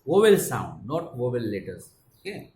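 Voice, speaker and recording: A man's voice: medium pitch, very animated, moderate pace, dark tone. A man with an Indian English accent teaching an online English class, explaining step by step and often saying "okay". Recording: echoey room, faint background noise.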